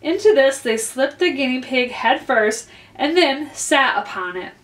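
Woman librarian, storytime read-aloud, slightly high voice, echoey room. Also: a little slow. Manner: clear, expressive read-aloud. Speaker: librarian reading to children. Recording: roomy echo.

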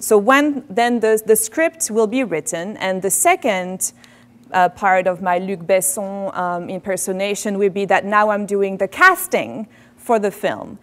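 A woman, a professor giving a faculty lecture, animated and self-deprecating. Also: medium pitch, unhurried. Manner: animated, self-deprecating, quoting French phrases. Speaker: French professor. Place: lecture hall.

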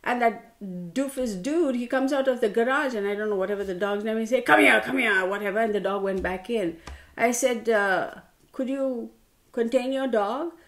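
Woman tarot reader, casual rant, animated and exasperated. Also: normal speed. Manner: animated, exasperated storytelling with sudden pitch jumps; addresses listeners as y'all. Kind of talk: casual ranting monologue.

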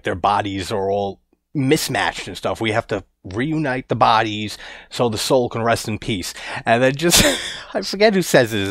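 Male film reviewer, casual and amused, lowish voice, dry close recording. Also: a bit bright, dry recording. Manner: laid-back, chuckling while recounting scenes.

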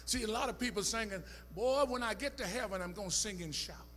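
A man preaching a sermon as pastor, swinging from low, quiet scripture reading up to shouted calls. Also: brisk. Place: church sanctuary. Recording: church hall reverb with faint music and hum.

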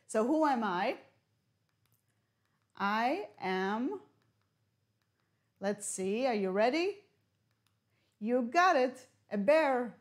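Woman teaching English slowly. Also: a little high, expressive. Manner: slow, clear teacher talk with riddles and Hebrew glosses. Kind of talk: broadcast classroom lesson.

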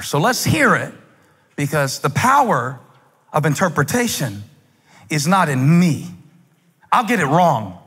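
A male pastor preaching an impassioned sermon with humor, at times breaking into shouts. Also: a little high, sing-song, a little slow, pauses often, breathy edge. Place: large church auditorium. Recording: long hall reverb.

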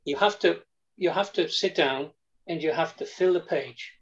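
A man's voice: on the high side, normal speed. A man's voice comes through dull and muffled over a video call. He fends off teasing with mock indignation, then settles into earnest writing advice. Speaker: publisher on a panel. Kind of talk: panel discussion.

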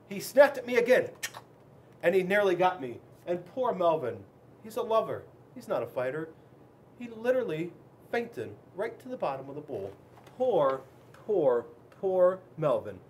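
A man, a school resource officer, reading a children's book aloud in an animated, expressive way. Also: high voice.

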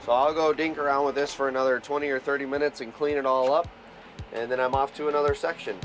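A man's voice: mid-range voice, steady tone, fast, faint music behind. Worn-out male equipment operator, casual and wisecracking, self-recorded outdoors on a handheld camera. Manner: chatty, joking, self-deprecating. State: tired after a long hot week. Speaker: heavy equipment operator and vlogger. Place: outdoor construction site.

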